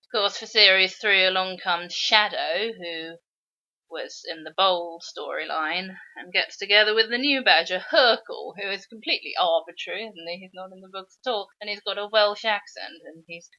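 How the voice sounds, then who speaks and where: Bright woman co-hosting a casual podcast. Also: mid-range voice, normal speed, muffled recording. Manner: conversational, chimes in with asides. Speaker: podcast co-host.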